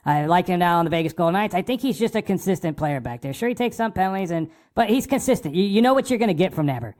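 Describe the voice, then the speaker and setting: A man hosting a casual hockey podcast, recapping games in excitable, profane fan talk and acting out his own remarks. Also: high voice, quick pace.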